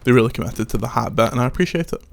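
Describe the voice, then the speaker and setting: A young man talks through his gameplay in a relaxed, wry way, tossing out jokes between explanations. His voice sits at an ordinary middle pitch, easygoing and unhurried. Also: creaky. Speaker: games video host, playing. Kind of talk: casual let's-play chat.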